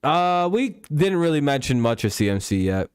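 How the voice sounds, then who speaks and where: A man's voice: on the high side, big pitch swings, moderate pace, a little mellow, smooth, no room sound, clean studio sound. A man hosting a casual live stream, rambling and swearing freely, with chuckles and frequent restarts. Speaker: stream host.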